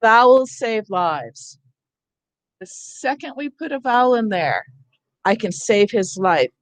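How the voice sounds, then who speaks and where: A woman leading an online teacher workshop over a video call, animated and demonstrating sounds herself. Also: medium pitch, normal speed, no room sound. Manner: animated, acts out calling for help. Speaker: teacher trainer.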